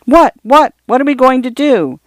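A reader voicing excited little daughters in an audiobook, eager and squealing. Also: mid-range voice, a little slow, no echo, voice pushed up. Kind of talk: audiobook character voice.

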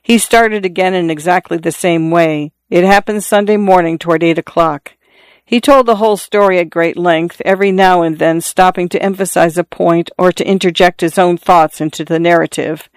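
A measured audiobook narrator reads a classic tale with steady, even storytelling. The voice is smooth and resonant. It sits close and dry on a studio mic with no room around it. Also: medium pitch, no room sound.

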